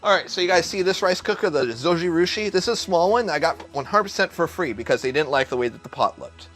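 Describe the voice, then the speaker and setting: A man's voice: on the high side, expressive, fast, fairly bright tone, soft background music. A young man chatting through a casual cooking livestream from a home kitchen, rambling, swearing a lot and sounding hyped. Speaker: cooking streamer. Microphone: neck-mounted camera.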